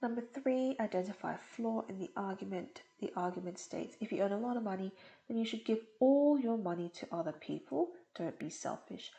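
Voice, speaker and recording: A woman tutor walks through exam questions one step at a time, patient and methodical. Her voice is mellow and dark, with a gravelly fry at the ends of her phrases. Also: medium pitch, animated, a little fast, poor audio. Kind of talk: explaining test questions.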